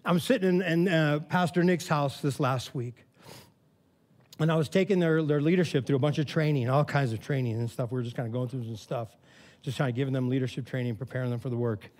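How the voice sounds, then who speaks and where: In a medium-pitched voice and at a slightly quick clip, a pastor tells his sermon like a casual, lively story. "Man" and "all right" pop up often, and he climbs into loud, fired-up preaching.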